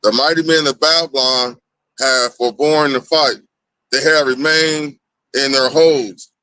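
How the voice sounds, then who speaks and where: A man reading scripture aloud in a slow, measured way during a group talk. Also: mid-range voice, steady tone, sharp tone, clean tone, no echo, poor audio.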